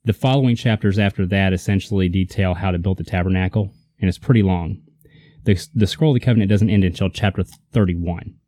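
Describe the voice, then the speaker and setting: Male Bible teacher, relaxed but emphatic delivery, low warm voice, dry recording. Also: brisk, no room sound. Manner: conversational, emphatic, checks in with "right?". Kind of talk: casual teaching talk.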